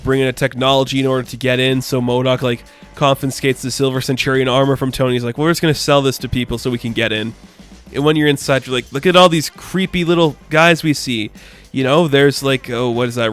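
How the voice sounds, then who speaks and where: A man casually recapping a comic book issue, rambling and animated, with many filler words and quick put-on quotes. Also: medium pitch.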